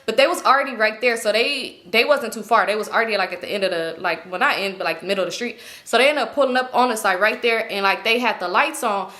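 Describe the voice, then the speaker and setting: High, bright-voiced young woman telling a story. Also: quick pace, few pauses. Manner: animated, slangy, profane storytelling to the viewers. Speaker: vlogger. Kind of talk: storytime vlog.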